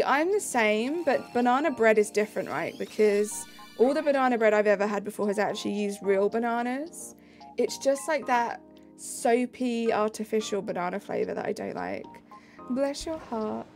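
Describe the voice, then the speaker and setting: A woman's voice: on the high side, creaky. A young woman live streaming, answering chat messages in a bubbly, casual way.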